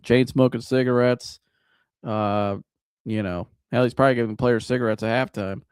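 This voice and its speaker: A man hosting a live sports reaction show, talking in an animated, casual, joking way with some swearing. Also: mid-range voice, moderate pace, clear, resonant tone, dry recording, studio quality. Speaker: sports podcast host.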